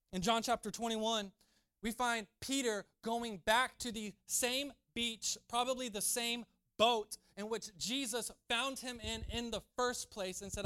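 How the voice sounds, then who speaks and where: High, bright-voiced male preacher. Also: clear, resonant tone, no echo, studio quality. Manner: preaching with acted quotes and rising emphasis. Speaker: pastor. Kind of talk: sermon.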